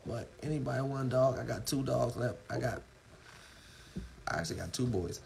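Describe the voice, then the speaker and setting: A man's voice: medium pitch, fairly quick, creaky, darkish tone, slight background noise, low-quality recording. A man on a live phone stream, talking loosely with lots of profanity while his dogs are around. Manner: loose, profane street talk. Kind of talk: casual live-stream talk.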